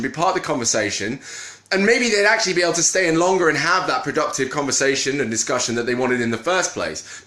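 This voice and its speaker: Brief: man, casual live-stream vlogger, bright, slightly high voice, roomy echo. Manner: animated, greets viewers mid-talk, trails off and restarts. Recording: echoey room.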